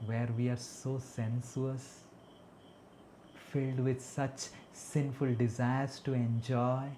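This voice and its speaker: A man's voice: medium pitch, little pitch movement, slow, mellow, a little hiss or hum. A man giving a devotional sermon with storytelling, earnest and drawing out his phrases. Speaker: preacher.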